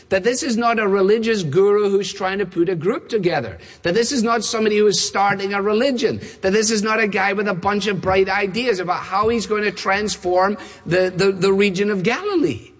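A man preaching a sermon in a large church, his voice pitched high and somewhat husky. He drives his points home emphatically, stacking one repeated phrase on another. A long reverb trails behind every line. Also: a little fast, hardly any pauses.

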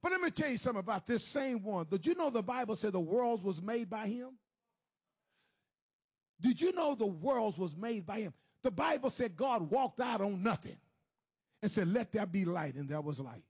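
A man preaching a sermon, moving from hushed, low moaning to shouted, sing-song exhortation. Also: sing-song, normal speed, husky.

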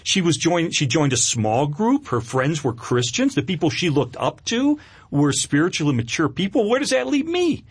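A husky middle-aged man tells his own story in an interview. His voice swings widely up and down as he relives the feelings, and he often restarts his sentences. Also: on the high side, normal speed, no room sound. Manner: animated, emotional, with many restarts. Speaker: guest telling his conversion story.

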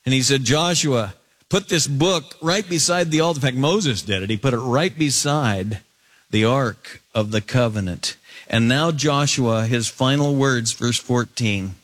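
A man preaching, whose voice leaps high on emphatic lines and sinks low and slow on solemn words. He retells scripture in his own casual phrasing as he teaches. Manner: animated, swinging from high emphatic bursts to low drawn-out words; paraphrases scripture conversationally. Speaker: pastor. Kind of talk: expository sermon.

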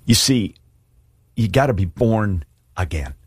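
A man's voice: lowish voice, lively intonation, a little slow, breathy edge, no room sound. A middle-aged man preaching a sermon and making an earnest, pleading altar call. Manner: earnest, pleading, shifts from hushed prayer to emphatic. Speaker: pastor.

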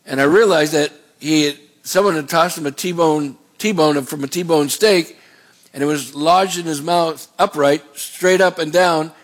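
A man's voice: a little high, unhurried. A male pastor preaching a sermon in a folksy, digressive and earnest way. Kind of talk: sermon with scripture reading.

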